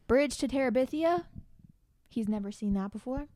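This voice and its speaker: A woman co-hosting a casual podcast chat with her boyfriend, arguing her points quickly and firmly. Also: high voice, animated, warm tone. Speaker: podcast co-host.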